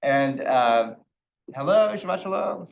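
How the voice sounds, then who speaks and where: A man's voice: on the high side, lively intonation, takes it slowly, gravelly, highs cut off. Man teaching a casual Torah class. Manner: conversational, with frequent restarts and acted-out quotes. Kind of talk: informal Torah study talk.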